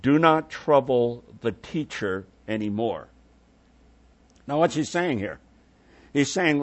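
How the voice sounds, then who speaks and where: A man preaching a sermon, unhurried, dropping to soft low tones for quoted words and swelling when he makes a point. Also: lively intonation.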